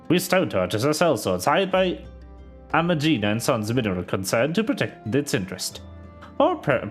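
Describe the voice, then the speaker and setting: A man voicing a stern, grave male sellsword captain in a game, reading in a measured, formal way with a few slips. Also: medium pitch, pitched below the performer's own voice, natural voice. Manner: measured, formal, slightly halting read.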